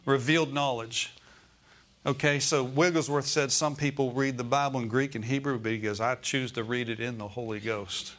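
A man's voice: medium pitch, fairly even intonation, moderate pace, a bit bright. A male pastor preaching a Sunday sermon in a church, often calling out "Amen?" and "Okay?" to the congregation.

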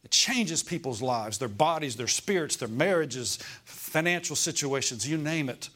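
A man's voice: on the high side, expressive, normal speed, sharp tone. A middle-aged man preaching a sermon, repeating phrases for emphasis and asking his listeners for amens.

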